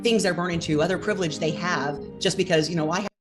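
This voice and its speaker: A woman's voice: on the low side, fast talker, music in the background. A woman, a mother speaking as an interview guest, talking thoughtfully and a little hesitantly. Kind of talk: conversational interview.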